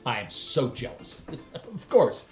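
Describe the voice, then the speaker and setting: A man's voice: mid-range voice, sing-song, a little slow, darkish tone, faint music behind. Chatty American man reacting to videos. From United States. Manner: chatty, rambling asides with laughs. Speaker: channel host. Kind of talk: casual reaction commentary.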